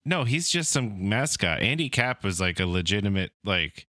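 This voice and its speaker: A man with a low, bright voice chatting loosely on a comedy podcast. He rambles and hedges as he explains things, and the sound is dry and close to the mic. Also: very animated, moderate pace, no room sound. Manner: rambling, hedging with "like". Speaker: podcast co-host. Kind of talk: casual comedic chat.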